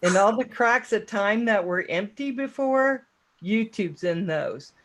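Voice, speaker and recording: High-voiced chatty male host. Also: animated, measured pace, fairly bright tone. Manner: rambling, chatty, self-deprecating. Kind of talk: casual online chat show.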